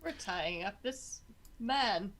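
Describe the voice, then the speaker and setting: A woman's voice: mid-range voice, expressive, slow pace, fairly bright tone, no echo. A woman playing in a tabletop game, teasing the other players playfully. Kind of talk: in-character tabletop play.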